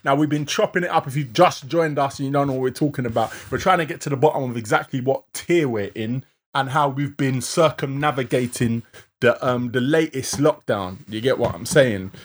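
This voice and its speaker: Relaxed man hosting a podcast. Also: medium pitch, fairly quick. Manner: relaxed slang-heavy banter. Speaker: podcast co-host and DJ. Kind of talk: casual chat.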